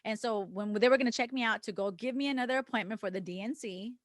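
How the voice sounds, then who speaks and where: A woman's voice: fairly high pitch, quick pace, no echo. Candid woman telling a story, dry sound. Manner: acts out quoted dialogue with others; casual swearing. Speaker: podcast co-host. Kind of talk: casual podcast conversation.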